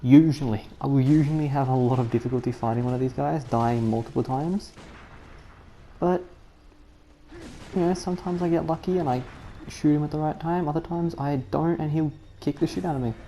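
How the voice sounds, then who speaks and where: A woman's voice: sits low, fairly quick, mellow, slight background noise. A woman commenting on her own gameplay in a rambling, self-mocking way, repeating herself and putting on an accent. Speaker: gaming channel host.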